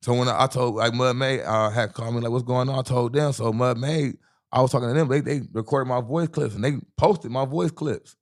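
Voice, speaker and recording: A man's voice: mid-range voice, fairly even intonation, brisk. A young man from the US Midwest, a rapper guest in an interview, telling a rambling, profane street story and often asking "you know what I'm saying".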